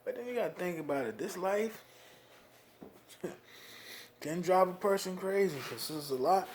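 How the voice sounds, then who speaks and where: A young man from New Jersey venting about being a father in a casual monologue, animated, with lots of "you know what I mean". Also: a little slow, a little hiss or hum. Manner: animated, swings loud and high when worked up, frequent "you know what I mean". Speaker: vlogger talking about fatherhood.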